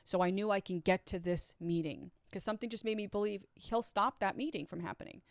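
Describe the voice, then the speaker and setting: A woman's voice: mid-range voice, a little fast, dry recording, clean studio sound. A woman candidly telling her own story in a conversational, blunt way, sometimes swearing. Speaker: vlogger. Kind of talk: personal storytelling.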